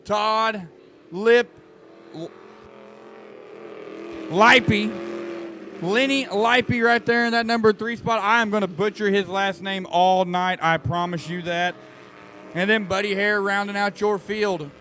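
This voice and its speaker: A man calling a dirt track race live, excitable and joking with the crowd. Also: sits high, a little slow, long pauses, a little hiss or hum. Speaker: race announcer. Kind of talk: live race commentary over a PA.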